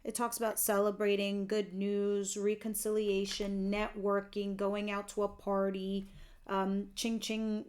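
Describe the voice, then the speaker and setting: A woman's voice: mid-range voice, a little hiss or hum. A woman giving a casual tarot reading, chatty and candid, who laughs easily and swears now and then. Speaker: tarot reader.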